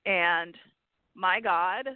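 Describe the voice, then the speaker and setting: A woman co-hosting a political talk radio show, bubbly and quick to laugh. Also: lowish voice, steady tone, clear, resonant tone, no room sound. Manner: bubbly, laughs often, many fillers. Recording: dry tinny phone line.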